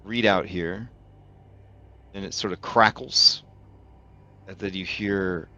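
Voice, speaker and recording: A man with a low voice narrates a tabletop game as its game master. He talks slowly and pauses often as he describes each scene. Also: bright, forceful tone. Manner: slow, hesitant, many pauses.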